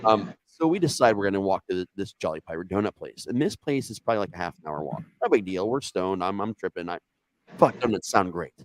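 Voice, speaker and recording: A man from Ohio with an Ohio accent telling a wild personal story in casual, animated talk, swearing freely and jumping up in pitch when quoting himself. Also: quick pace, dry recording, poor audio.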